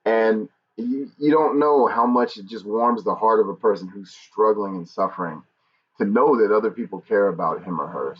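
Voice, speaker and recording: Earnest man on a lo-fi livestream. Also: on the low side. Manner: earnest, candid, jokes between somber moments. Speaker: YouTube livestream host. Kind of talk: casual livestream talk to viewers. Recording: dull lo-fi stream audio.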